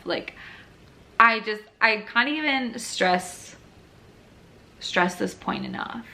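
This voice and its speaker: A woman's voice: medium pitch, big pitch swings, takes it slowly, sharp tone. A young woman telling her own birth story in a frank, casual, chatty way. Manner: candid, frank, chatty with many fillers.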